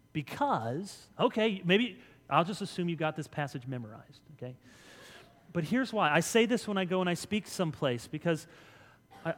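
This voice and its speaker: Male pastor, bright higher-set voice, conversational sermon in a reverberant church hall. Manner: conversational preaching, swings from loud to soft. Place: church sanctuary.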